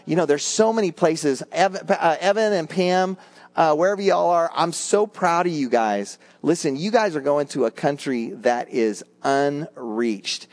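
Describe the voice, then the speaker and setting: A middle-aged male pastor preaching in an animated, conversational way, breaking off into quick asides. His voice sits a little higher than most men's. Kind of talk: sermon.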